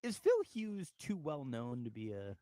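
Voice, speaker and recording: A man's voice: medium pitch, very animated, measured pace, warm tone, no echo, studio quality. A man co-hosting a local sports radio show, joking loosely, swearing and laughing as he chats. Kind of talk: casual sports chat.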